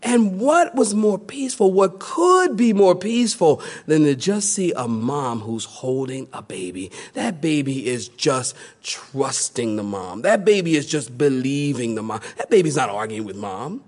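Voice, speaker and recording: In a slightly slow voice with few pauses, a man preaches as a pastor. His sermon is built on lively storytelling, where he performs the characters' voices using large pitch leaps.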